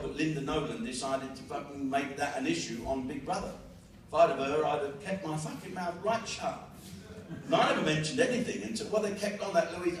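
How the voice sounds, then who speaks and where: At a live venue with an audience, a South London stand-up comedian in his fifties performs a brash, crude routine full of swearing. His voice is medium-pitched, heard from far off in echoey venue audio with slight background noise.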